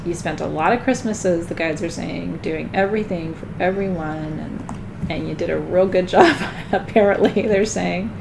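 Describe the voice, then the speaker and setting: A woman doing a live tarot card reading in a chatty way, laughing often and getting loud when she jokes. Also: lowish voice, moderate pace, vocal fry, noisy background.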